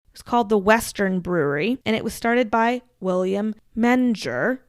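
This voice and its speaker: A woman's voice: medium pitch, lively intonation, moderate pace, clear, resonant tone, dry recording. Chatty woman podcaster, close dry mic. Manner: chatty, laughs often, self-deprecating asides. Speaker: podcast co-host. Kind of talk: casual chat, storytelling.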